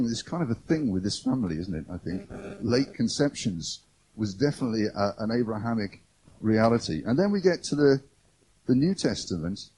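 A man with a warm, lowish voice gives a sermon in church, keeping it conversational and often asking the congregation questions. A faint hiss or hum can be heard.

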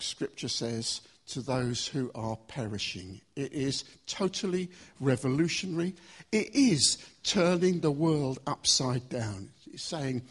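Male preacher, husky and slightly high voice, emphatic sermon delivery. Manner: emphatic, varied pace with slow stressed phrases.

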